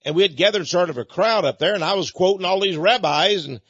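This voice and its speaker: Male radio host, slightly high and husky, emphatic and mocking in monologue, dry lo-fi sound. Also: fast, fairly bright tone, no room sound.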